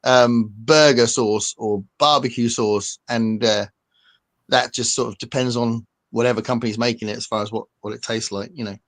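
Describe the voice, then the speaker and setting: A British man hosts a relaxed livestream chat. He talks in a rambling way and keeps adding little tag questions. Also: mid-range voice, moderate pace. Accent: British English. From Britain. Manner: chatty, rambling, often trails off with tag questions. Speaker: livestream host. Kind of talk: casual chat.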